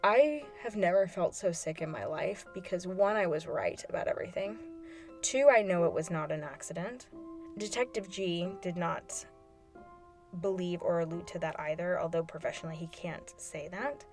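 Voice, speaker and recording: A woman's voice: fairly low pitch, normal speed, a little mellow, soft background music. Emotional woman podcaster recounting her story. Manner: emotional, retelling phone calls with quoted dialogue. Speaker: podcast host. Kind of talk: personal storytelling monologue.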